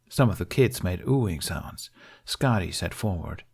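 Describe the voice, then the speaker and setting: Low-voiced man narrating a story. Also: a little slow, vocal fry, breathy edge. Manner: steady, emotional storytelling. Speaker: fan fiction narrator. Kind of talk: audiobook narration.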